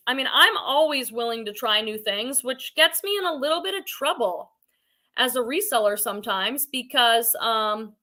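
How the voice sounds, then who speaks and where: Chatty lady on a home webcam stream, bright voice, talks to her viewers a lot. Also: high-pitched, expressive, moderate pace. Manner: chatty, greets viewers by name, rambling asides. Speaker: reselling livestream host. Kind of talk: casual livestream chat. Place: home living room. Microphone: computer webcam on livestream.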